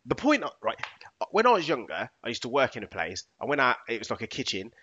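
A man's voice: mid-range voice, huge pitch swings, fast, pushed and bright, husky. A man chatting casually, hesitant and full of fillers. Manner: hesitant, many fillers like "like" and "I don't know". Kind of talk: casual chat. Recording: dull lo-fi sound.

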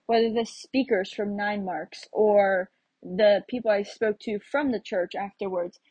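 A young woman with an American accent tells her travel stories in a loose, chatty way, full of fillers and restarts. Her voice sits at a middle pitch with a touch of huskiness, and the recording is close and dry. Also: fairly even intonation, unhurried, darkish tone, slightly rough, dry recording, rough recording. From United States. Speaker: travel vlogger. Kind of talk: casual travel storytelling.

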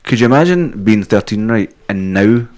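A man's voice: on the low side, lively intonation, moderate pace, a little mellow. A Scottish man co-hosting a podcast, rambling and swearing constantly as he jokes. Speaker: podcast co-host. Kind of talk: crude casual chat.

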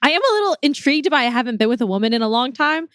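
A woman's voice: high voice, expressive, a bit bright, clear, resonant tone, no room sound, studio quality. A woman in casual chat, playful and teasing. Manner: playful, teasing, quick to laugh.

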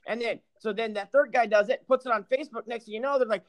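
A man's voice: very high voice, quick pace, no room sound. A man co-hosting a podcast, chatting casually and telling profane stories full of asides. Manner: profane, animated storytelling with asides. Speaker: podcast co-host. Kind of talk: casual chat.

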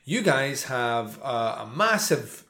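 A man's voice: medium pitch, big pitch swings, takes it slowly, bright, forceful tone. A man with a Scottish accent chatting casually as a podcast host, rambling with many fillers and restarts. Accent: Scottish, central belt near Glasgow and Edinburgh. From Scotland. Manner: rambling, lots of fillers and restarts, laughs easily. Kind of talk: casual chat.

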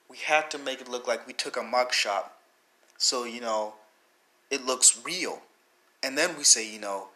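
A man's voice: medium pitch, bright, forceful tone. A young man hosting a podcast, talking in an earnest, emotional way, rambling with many restarts. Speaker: podcast host. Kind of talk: personal commentary podcast.

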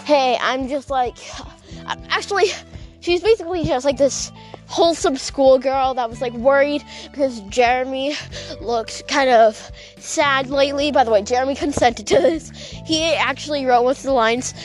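A woman's voice: high voice, normal speed, soft background music. A woman telling a rambling story while she walks outdoors at night. She giggles often and fills her speech with "like". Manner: rambling, giggly, full of fillers like "like". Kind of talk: casual vlog storytelling.

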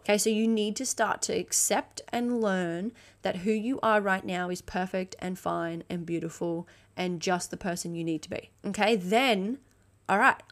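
A woman coach giving a motivational solo podcast talk, blunt and emphatic, swearing freely and checking in with "okay?". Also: mid-range voice. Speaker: fitness and mindset coach.

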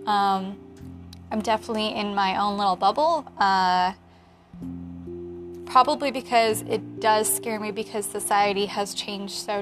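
A woman in her late twenties, a photographer, chatting casually in an animated, heated way and laughing often. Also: mid-range voice. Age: 20s. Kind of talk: casual chat.

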